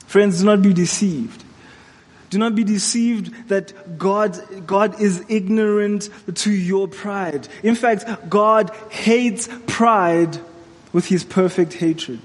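A man preaching a sermon in an earnest, exhorting and measured way. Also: high voice, big-room sound.

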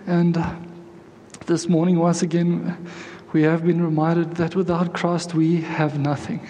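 A male pastor, emotional and near tears, preaching and praying with halting, repeated words. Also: on the high side, level tone, warm tone, in a large hall, slight background noise. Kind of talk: sermon with prayer and scripture reading. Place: church sanctuary.

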